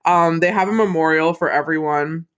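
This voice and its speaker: A man co-hosting a casual podcast, recapping a film with lots of swearing. His voice sits a little high for a man, and he breaks into quick acted-out quotes. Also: smooth. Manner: animated, swears often, acts out quotes. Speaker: podcast co-host. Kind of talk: casual movie recap chat.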